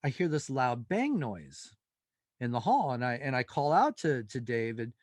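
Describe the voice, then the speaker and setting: Man telling a lively story. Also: medium pitch, normal speed, no room sound, studio quality. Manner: animated storyteller, acts out dialogue. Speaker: paranormal investigator, guest. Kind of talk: storytelling in an interview.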